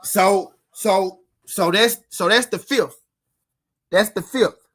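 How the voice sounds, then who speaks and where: A man's voice: sits high, takes it slowly, fairly bright tone. A man hosting a boxing commentary channel, ranting casually and heatedly to his viewers, repeating himself and swearing. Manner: repetitive, profane, heated, talks straight to viewers. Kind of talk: casual reaction rant.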